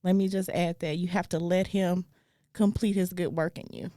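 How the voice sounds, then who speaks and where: A woman's voice: fairly low pitch, steady tone, moderate pace, mellow, no room sound. A woman co-hosting a casual chat, talking through faith in an earnest, thoughtful way. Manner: earnest, thoughtful, gets briefly emotional. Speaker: comedian and co-host.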